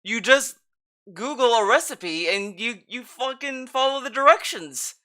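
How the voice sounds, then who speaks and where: A man's voice: very high-pitched, expressive, a little slow, bright, forceful tone. A man reacting to a stream clip, mocking and sarcastic, swearing freely as he comments.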